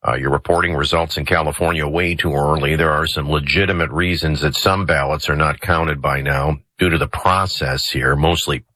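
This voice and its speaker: A man's voice: very deep voice, fairly even intonation, moderate pace, hardly any pauses, sharp tone, dry recording, pitched below the performer's own voice, full character voice. A male radio host voicing a listener-reporter who reads out an earnest, matter-of-fact report about suspected cheating.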